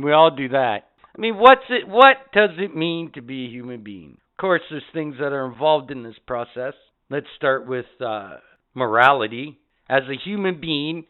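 A man's voice: mid-range voice, smooth. A man hosting a podcast, telling rambling stories full of swearing in a casual rant. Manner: profane, animated storytelling. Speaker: podcast host. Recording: tinny phone-like sound.

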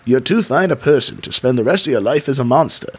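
A man voicing a kindly, wealthy older gentleman in a deep, slow, reassuring put-on voice while reading a storybook. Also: animated, husky.

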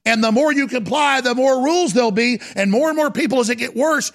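Fiery male commentator with a raised, gravelly voice; urgent, repetitive rant. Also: very high-pitched, fairly quick, few pauses, fairly bright tone. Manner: ranting, urgent, repetitive and dramatic. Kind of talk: impassioned monologue.

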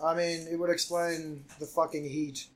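A man's voice: fairly high pitch, level tone, normal speed. A man with an Australian accent, co-hosting a podcast in casual banter among friends, blunt and swearing freely as he tells stories. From Townsville, Australia. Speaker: podcast co-host.

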